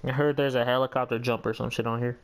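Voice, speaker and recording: Talking fast in a clean-toned, medium-pitched voice with little pitch movement, a gaming channel host mutters through his play. He's profane and self-critical, and background music plays.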